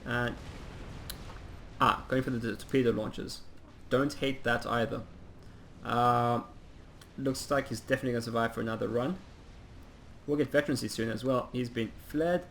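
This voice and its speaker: A man giving casual play-by-play commentary on a strategy game, chatty and rambling with plenty of ums, and quick to poke fun at himself. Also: mid-range voice, fairly even intonation, vocal fry, fairly bright tone, slight background noise. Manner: self-mocking humor. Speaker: game caster.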